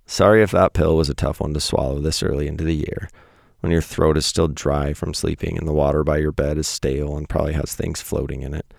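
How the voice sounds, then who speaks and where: A man's voice: steady tone, fairly quick, a little mellow, no echo, studio quality. A man in his thirties reading his own essay to listeners in a casual, wry, self-deprecating way, with blunt asides. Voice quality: very deep gravelly voice. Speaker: podcast host reading his weekly writing.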